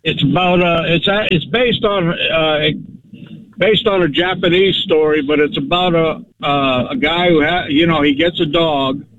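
A man's voice: fairly high pitch, unhurried, fairly bright tone. A man calling into a radio show, telling a story in an eager, rambling way. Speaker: caller. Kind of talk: phone call to a radio show. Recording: dull phone line with faint noise.

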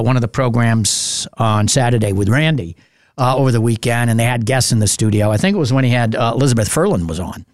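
Male local radio host, casual and rambling, lots of fillers, dry studio mic, mid pitch. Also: dry recording. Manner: chatty and rambling, many "uh" fillers.

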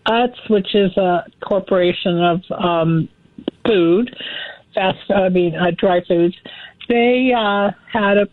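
A woman's voice: mid-range voice, no room sound. Woman from LA, phone-in guest, chatty and giggly; dry, phone-quality sound. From Los Angeles area. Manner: chatty, laughs at her own stories. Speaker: guest commentator. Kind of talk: casual phone-in chat. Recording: tinny phone line.

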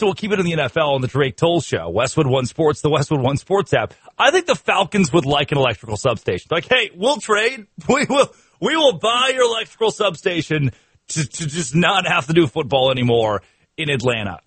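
A man's voice: medium pitch, husky, no echo. A man hosting a sports radio show, riffing in comic talk with laughter and mock outrage.

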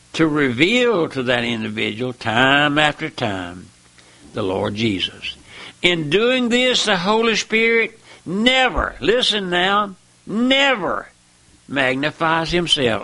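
A preacher man delivers a fiery sermon, his pitch leaping all over. He speaks slowly and deliberately in a bright, ringing voice. He swings between hushed murmurs and high, emotional cries. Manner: repeats "my friend" and "listen".

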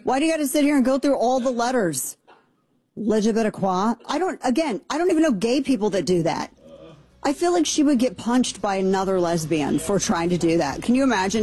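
A husky-voiced woman radio host riffs with biting sarcasm and mock disbelief. Her voice sits close and dry on a studio mic, with no room sound around it. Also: on the high side, animated, dark tone, no echo. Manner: sarcastic, mocking, rapid-fire commentary. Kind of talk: opinionated radio talk.

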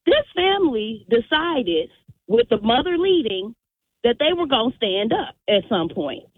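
A woman calls in to a radio talk show to tell a story, animatedly acting out the voices. Her voice is a little high and a little slow with a breathy edge, over a tinny, dry phone line.

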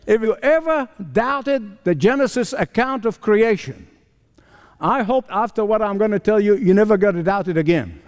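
Animated preacher in an echoing hall. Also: male voice, high voice, normal speed. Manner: emphatic, asks the congregation to fill in words. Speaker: pastor. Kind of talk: sermon.

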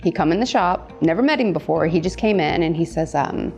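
A woman tattoo artist telling stories in casual chat, laughing often and jumping high in pitch when she quotes people. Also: lively intonation, fairly quick, darkish tone, faint music behind. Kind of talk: casual storytelling.

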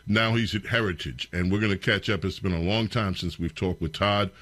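A man hosting a talk radio show, commenting in a sarcastic, animated and incredulous way. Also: low-pitched, a little fast, no room sound.

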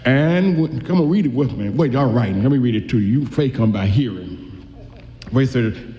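A man preaching a sermon in a folksy way, reading scripture slowly and then rushing through his asides. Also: medium pitch, sing-song, mellow. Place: church. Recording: echoey hall, dull lo-fi sound.

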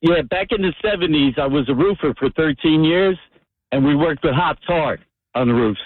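A man calls in to a radio show and talks plainly and earnestly. His voice sits slightly high. It comes through a thin, phone-line sound. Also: moderate pace. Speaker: caller.

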